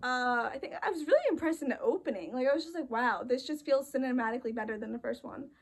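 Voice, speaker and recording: A young woman with a high, bright-sounding voice chatting about a film she loved. She gushes and rambles, full of fillers and restarts. Her pitch leaps up when she gets excited. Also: fast, breathy edge. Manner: gushing, excitable, lots of fillers. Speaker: movie reaction host. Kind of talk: casual chat.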